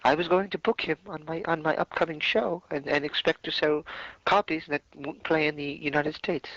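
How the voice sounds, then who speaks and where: A man putting on the voice of a flustered, stammering man with a high-pitched delivery. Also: steady tone, normal speed, fairly bright tone, no room sound. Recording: dull lo-fi podcast audio.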